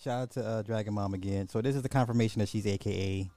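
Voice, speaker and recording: A man's voice: lowish voice, steady tone, fast talker, dark tone, no echo, faint music behind. A man hosting a call-in commentary podcast, talking casually in slang and rambling at times. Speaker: podcast host.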